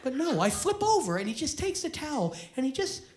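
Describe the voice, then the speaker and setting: Loud profane male stand-up comic. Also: very high-pitched, big pitch swings, brisk, slight background noise. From Canada. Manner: profane, loud, crowd-baiting delivery. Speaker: stand-up comedian. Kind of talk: stand-up comedy set. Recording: live club set with loud crowd laughter.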